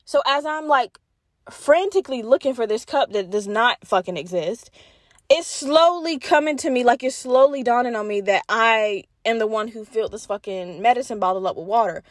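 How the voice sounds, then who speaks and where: A woman's voice: fairly high pitch, normal speed, no echo, clean studio sound. Profane young woman telling a story. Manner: profane, animated, addresses listeners as y'all. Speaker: podcast host. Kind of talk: casual storytelling monologue.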